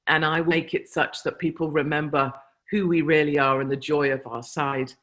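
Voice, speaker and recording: A British woman at a convention addresses a live crowd with chatty, anecdotal stories delivered emphatically. Her voice sits low and level with a fairly bright tone, at a moderate pace.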